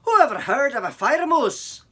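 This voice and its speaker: A man voicing an adult male fire chief in a children's storybook reading, loud and exclaiming. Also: high-pitched, wildly swooping pitch, moderate pace, husky, pitched above the performer's own voice, full character voice.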